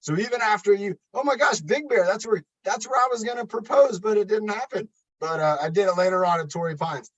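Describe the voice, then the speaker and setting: A man's voice: high-pitched, a little fast, highs cut off. A man leading a live online exercise class as a fitness coach, upbeat and chatty, counting reps and talking to viewers by name. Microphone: computer webcam.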